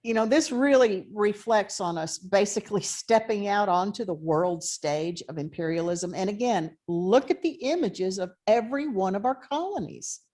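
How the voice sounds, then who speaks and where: A woman teaching a history class over a video call. She talks in a relaxed, conversational way and fills the gaps with "okay" and "you know" as she walks through her material. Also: mid-range voice, moderate pace, few pauses. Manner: conversational, thinks aloud with fillers. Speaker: history professor. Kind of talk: online lecture.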